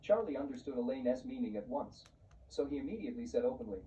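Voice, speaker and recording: A man giving a scripted story narration in a flat, even reading voice. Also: mid-range voice, fast. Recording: muffled, distant, faint hiss.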